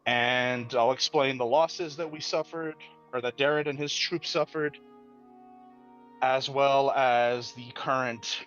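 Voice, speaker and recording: A man playing a tabletop game who recounts his character's actions in a hesitant, halting way. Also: mid-range voice, fairly even intonation, fairly bright tone, faint music behind. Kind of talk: casual game table chat. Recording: slightly dull lo-fi sound.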